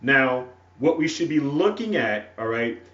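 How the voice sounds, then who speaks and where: A man's voice: mid-range voice, expressive, fairly bright tone, distant mic. A man with a country North Carolina twang teaches a religious lesson. He speaks in stop-start phrases and checks in with his listeners. His voice comes from off-mic in an echoey room, and the sound is dull and lo-fi. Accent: rural North Carolina. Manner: halting and repetitive, checks in with "all right?". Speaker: ministry teacher. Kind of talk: teaching a religious lesson while writing on a board.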